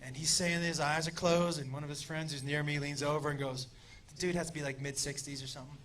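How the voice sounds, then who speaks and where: A man telling a wild story in a stand-up set, animated and shouting punchlines while voicing the people in it. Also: fairly high pitch, quick pace. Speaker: stand-up comedian. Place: comedy club stage before a laughing audience. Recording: live club recording with crowd noise.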